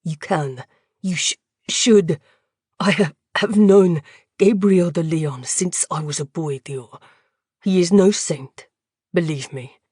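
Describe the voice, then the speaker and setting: A woman voicing a wounded young male captain who speaks in a halting, trembling way. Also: on the low side, mellow, slightly rough, no room sound, studio quality. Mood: pained, urgent. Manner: halting, trembling, stammering delivery.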